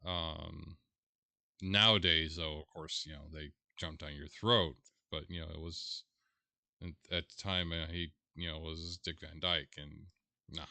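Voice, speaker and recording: A man with a low voice and a sharp, very bright, smooth tone. He talks slowly in a casual, halting way, stopping to search for words, and the sound is dry and close. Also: fairly even intonation, no room sound. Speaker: video reviewer. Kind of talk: casual commentary.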